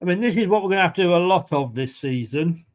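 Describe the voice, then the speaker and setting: A man's voice: sits high, animated, fast talker. A man with an English accent hosting a fan watchalong, calling the play casually and chatting with viewers. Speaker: fan channel host. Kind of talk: live football watchalong commentary.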